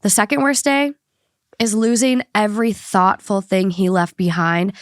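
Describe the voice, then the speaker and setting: A woman's voice: medium pitch, steady tone, normal speed, no echo, studio quality. A woman hosting a podcast, talking in a heated, indignant way with a stuffy nose. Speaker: podcast host. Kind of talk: casual podcast chat.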